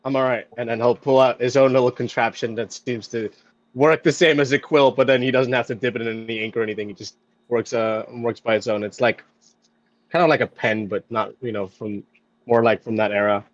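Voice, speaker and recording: A man's voice: mid-range voice, steady tone, a little fast, dry recording, lo-fi sound. A man playing a tabletop game, describing his character in a hesitant, rambling way. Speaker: player.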